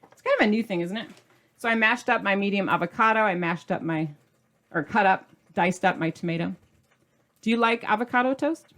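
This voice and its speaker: Bubbly middle-aged female cooking host, casual and effusive. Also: mid-range voice. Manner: bubbly, gushing, chatty; talks while eating. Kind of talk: casual cooking demo chat.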